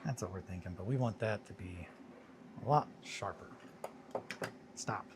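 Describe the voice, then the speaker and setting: A man's voice: lowish voice, measured pace, background noise. A tired man in a casual, rambling chat while painting miniatures on a stream. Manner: rambling, laid-back, talks to himself and his pets.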